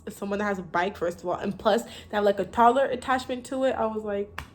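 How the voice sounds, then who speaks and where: A woman's voice: mid-range voice, fast. A young American woman talking casually to camera as a vlogger, chatty and rambling, full of likes and restarts, laughing now and then. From United States.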